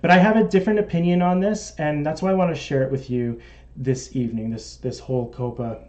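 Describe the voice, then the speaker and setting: A man's voice: a little high, fairly even intonation, a little fast, a little mellow. A man with a Canadian accent hosting a casual live stream, chatting and reading out viewer comments. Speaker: model railroad live-stream host.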